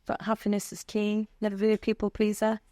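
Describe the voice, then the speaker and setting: A chatty British woman talks casually in a dry, close studio sound. She rambles along and laughs often, with a mid-pitched voice. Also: completely flat delivery, brisk, dark tone, no echo. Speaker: guest singer. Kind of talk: casual interview chat.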